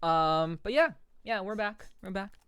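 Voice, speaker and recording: A woman's voice: mid-range voice, expressive, unhurried, fairly bright tone, clean tone, no room sound, clean studio sound. A young adult woman streaming a game, chatting casually with viewers in a joking, profane way and often repeating herself. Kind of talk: casual gameplay chat.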